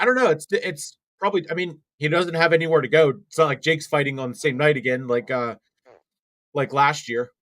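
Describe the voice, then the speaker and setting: A man's voice: medium pitch, sharp tone. A young man co-hosting a wrestling watch-along stream, rambling through live commentary with many fillers and restarts.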